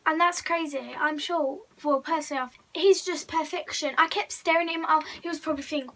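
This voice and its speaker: Gushing high bright-voiced teen girl. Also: fast talker, few pauses, low-quality recording. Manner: gushing, breathless storytelling with many likes. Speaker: vlogger. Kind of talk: excited fan story vlog.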